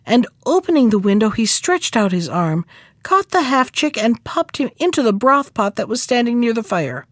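A woman reading a fairy tale aloud in an expressive, sing-song storytelling manner. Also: a little high, moderate pace, dry recording, clean studio sound.

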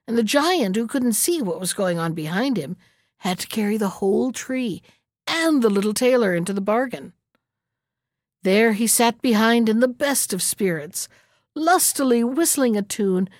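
Storybook narrator, woman, expressive, bright and lively, dry close recording. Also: fairly high pitch, dry recording.

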